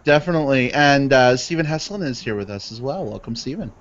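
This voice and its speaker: A man's voice: medium pitch, expressive, brisk. A man hosting a live podcast, chatty and upbeat, filling gaps with little fillers. His voice sits mid-range. The audio is dull and lo-fi. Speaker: podcast host.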